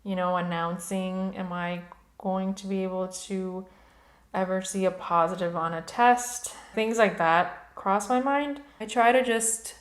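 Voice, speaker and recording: Woman, 30s, beauty vlogger, candid casual chat, medium pitch, echoey home room. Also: fairly even intonation, measured pace. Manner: candid, chatty, emotional at times. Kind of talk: casual chat while doing makeup.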